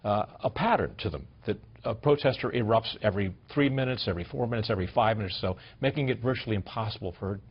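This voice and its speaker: A male cable news anchor asking brisk, pointed questions in a panel debate. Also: lowish voice, slightly rough. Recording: dull broadcast audio.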